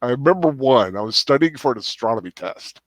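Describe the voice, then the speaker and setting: A man's voice: medium pitch, lively intonation, brisk, dry recording. A young man hosting a livestream in casual, joking chat, often slipping into silly voices. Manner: playful, jokey, drifts into mock whispers and silly voices. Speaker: livestream host.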